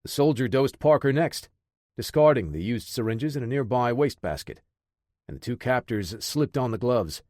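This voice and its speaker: Steady male audiobook narrator, dry sound. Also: medium pitch, no echo. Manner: steady, measured.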